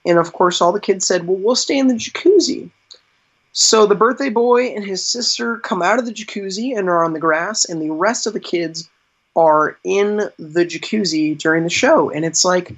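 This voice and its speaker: A man's voice: sits high, moderate pace, fairly bright tone. Chatty man on a dull, lo-fi line. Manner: chatty, laughs often, many fillers. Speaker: magician, podcast guest. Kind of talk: casual interview storytelling. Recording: dull lo-fi sound.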